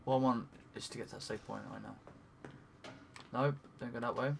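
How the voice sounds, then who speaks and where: A man giving let's play commentary while he plays, talking to himself, swearing often and breaking into excited cries. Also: mid-range voice, brisk, creaky, slight background noise. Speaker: gaming commentator.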